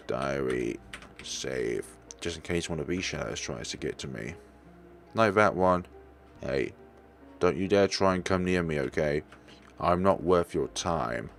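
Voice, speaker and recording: Gamer narrator, low voice with gravel, animated delivery. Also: male voice. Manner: reads game dialogue aloud between comments. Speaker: let's play gamer. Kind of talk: casual gameplay commentary.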